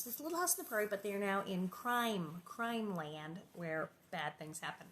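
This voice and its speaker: A chatty woman hosts a casual livestream from her living room, rambling through animated asides before reading a children's book aloud. Her voice sits at a middling pitch for a woman and is recorded close to the microphone. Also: normal speed, a little hiss or hum. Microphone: livestream setup.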